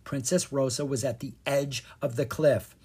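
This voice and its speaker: A narrator reading a children's fairy-tale chapter book with expressive, animated storytelling. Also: mid-range voice, normal speed, slightly rough. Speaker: audiobook narrator.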